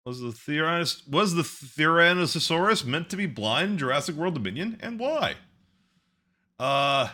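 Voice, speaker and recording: A podcast co-host in casual chat, a man with a very bright voice that swings widely in pitch. He is wry, and he reads articles aloud while throwing in asides. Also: big pitch swings, moderate pace.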